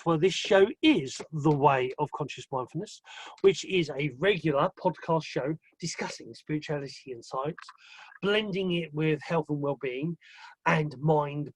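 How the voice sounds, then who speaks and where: Male podcast host, high husky voice, dry close sound, chatty, playful, rambling. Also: dry recording. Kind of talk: casual livestream chat.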